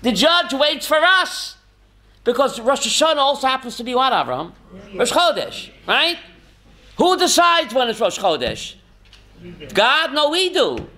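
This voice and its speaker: With a very high voice and a measured pace, a male rabbi conducts an energetic Torah class. He often chuckles, throws out rhetorical questions, and calls on his students by name.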